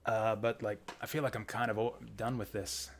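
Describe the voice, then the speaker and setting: A man's voice: fairly low pitch, level tone, normal speed, slight background noise. A man chatting casually and rambling as he streams a video game. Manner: chatty, rambling, laughs often.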